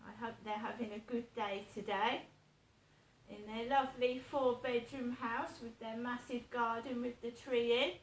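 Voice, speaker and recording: Woman, rambling vlog chat, indignant, slightly high voice, faint hiss. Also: steady tone, measured pace, recorded from a distance. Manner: chatty, rambling, repeats herself, indignant. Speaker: vlogger. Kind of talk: casual monologue to camera. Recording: echoey room with faint hiss.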